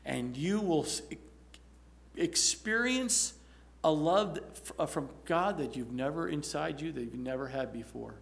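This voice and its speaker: Gravelly, earnest male preacher. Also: on the high side, expressive, unhurried. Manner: earnest, exhorting, with restarts. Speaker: pastor. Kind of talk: sermon.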